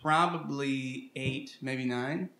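A man's voice: mid-range voice, steady tone, slow, bright, forceful tone, roomy sound. A man from Ohio, a guest comedian, telling rambling anecdotes in casual chat.

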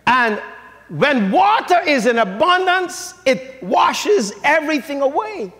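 An older man preaching a sermon as pastor, with shouted, rising emphasis and call-and-response to the congregation. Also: very high-pitched, sing-song, slow pace. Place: church sanctuary. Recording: church sanctuary with long reverb.

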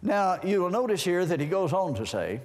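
A folksy male preacher reads scripture aloud and explains it in plain, homespun terms. His voice sits a little high for a man. A long hall reverb trails after his words. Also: sing-song, moderate pace. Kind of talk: sermon.

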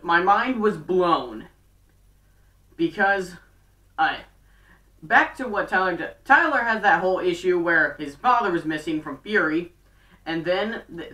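Chatty woman with a bright voice. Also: on the low side. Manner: chatty and rambling, fast bursts, many fillers. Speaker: fan video recapper. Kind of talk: casual show recap. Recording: roomy, distant from mic.

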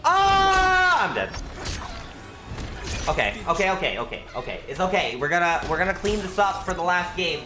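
A man streaming a fighting game live, talking to his viewers, thanking them for likes, and swearing and shouting when he gets hit. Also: on the high side, fast, hardly any pauses. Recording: roomy with game music behind.

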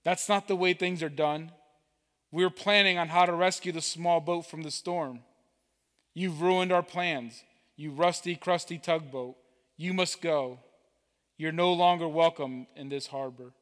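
A man's voice: a little high, fairly even intonation, unhurried, fairly bright tone, long reverb tail. A man voicing a group of harbor boats scolding a newcomer in a story.

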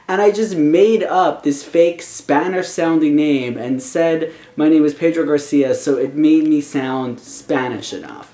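A young man, born in Colombia, talking casually to camera in an excitable, animated way with laughing asides. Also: fairly high pitch, unhurried, few pauses. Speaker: vlogger. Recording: echoey room with faint music.

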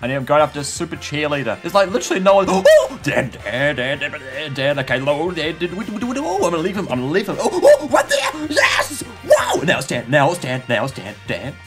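A young man giving excitable, goofy gameplay commentary as a channel host, yelping and shouting at sudden moments. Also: a little high, fairly quick, few pauses, over music. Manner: goofy self-mocking banter.

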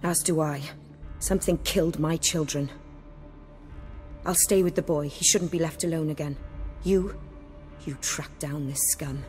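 A woman's voice: deep voice, steady tone, a little slow, pauses often, a little mellow, faint music behind. An actress playing a cold, commanding noblewoman who speaks in cool, clipped lines.

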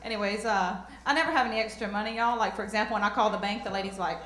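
A woman's voice: mid-range voice, racing. A young woman with a Southern US accent doing a self-mocking, drawling stand-up set in a comedy club, talking into a handheld mic. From Southern US countryside. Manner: drawling, self-mocking, breaks into shouted rap bits. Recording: echoey club room.

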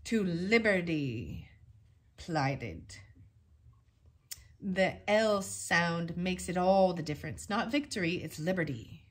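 A woman's voice: lowish voice, measured pace, few pauses. A woman giving a tarot reading in a casual, rambling way, thinking aloud as she goes and questioning herself. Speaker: tarot reader.

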